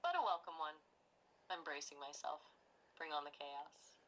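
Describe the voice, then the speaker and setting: Low-voiced accented woman co-host, dry measured replies, slight noise behind. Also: expressive, fairly bright tone, rough recording. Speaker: podcast co-host. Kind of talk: casual chat.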